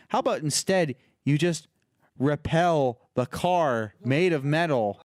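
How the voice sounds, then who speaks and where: A man's voice: fairly high pitch, a little slow, dry recording, clean studio sound. Wry man on a podcast. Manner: wry, sarcastic asides with hesitant restarts. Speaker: podcast co-host. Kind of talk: casual film recap chat.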